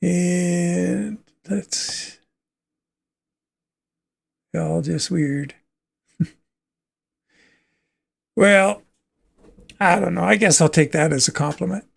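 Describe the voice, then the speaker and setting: A man's voice: high voice, drawn-out words, gravelly, pauses often, husky. A man from Canada hosting a livestream, chatting casually and thinking aloud as he plays a trucking game, with easy chuckles. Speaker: livestream host.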